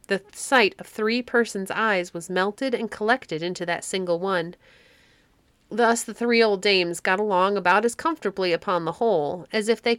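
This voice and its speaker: A woman reading a children's classic story aloud, with expressive narration. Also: mid-range voice, dry recording.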